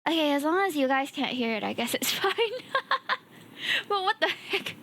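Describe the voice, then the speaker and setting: A woman's voice: high-pitched, very animated, unhurried, fairly bright tone, dry recording. A young woman with a Singaporean English accent, chatting casually on her live stream as a VTuber, exclaiming often and laughing easily, a bit tired today.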